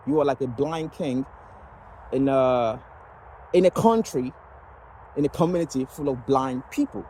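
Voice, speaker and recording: A man's voice: medium pitch, a little slow, mellow, slight background noise, low-quality recording. A man from Nigeria telling a personal story in a loose, rambling way, full of fillers and restarts. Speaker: vlogger sharing personal story.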